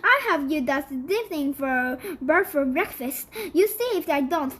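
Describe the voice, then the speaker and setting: A woman's voice: high voice, animated, measured pace. Woman reading as a blustering hot-tempered old duke. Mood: raging. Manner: shouting, blustering.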